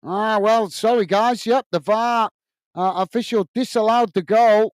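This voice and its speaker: A man's voice: high voice, unhurried, clean tone, no room sound. A man hosting a live football watch-along, reading out viewer messages with friendly fillers and calling the play. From United Kingdom. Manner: excited goal call.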